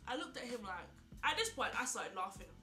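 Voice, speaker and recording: A young woman vlogger telling a story while getting ready, animated and incredulous, full of "like" and repeated questions. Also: a little high, brisk. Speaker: beauty vlogger. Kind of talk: chatty get-ready-with-me storytelling. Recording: echoey room, faint music.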